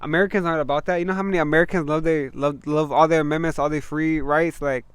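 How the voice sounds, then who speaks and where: Fast-talking young man, rambling and slangy. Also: a little high, steady tone, clear, resonant tone, no room sound. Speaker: guest. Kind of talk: casual chat.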